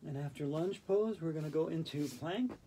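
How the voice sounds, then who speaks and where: A man leading a yoga routine in a gentle, playful, chatty way. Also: a little high, moderate pace, a little hiss or hum. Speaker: yoga instructor. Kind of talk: guided yoga instruction.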